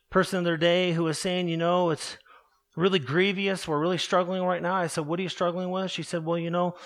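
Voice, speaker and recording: A man preaching a sermon earnestly, slowing down and dropping his voice low to stress key words. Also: fairly bright tone. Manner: earnest preaching, slows and drops low for emphasis. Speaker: pastor.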